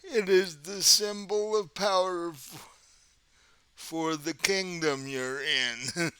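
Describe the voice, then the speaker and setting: This is a man running a tabletop game, slightly higher-pitched than most men. His voice is bright and crisp. He lays out the scene with slow, patient explanations. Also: steady tone, dry recording. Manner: slow, explanatory, chuckles often. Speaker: game master.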